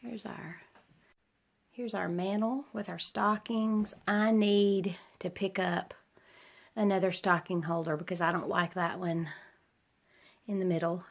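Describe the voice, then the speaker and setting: A woman's voice: on the low side, fairly even intonation, unhurried, long pauses. A woman in her forties with a stuffy head cold, chatting casually as she shows her home and rambles with a few ums. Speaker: homeschooling mom vlogger. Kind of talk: casual home-tour chat. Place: her own house, indoors.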